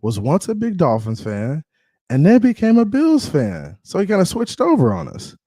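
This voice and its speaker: A man's voice: sits high, huge pitch swings, normal speed, mellow, slightly rough, no room sound, clean studio sound. A man hosting a casual sports livestream, greeting viewers and trash-talking rival fans. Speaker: livestream sports show host. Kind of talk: casual live-stream banter.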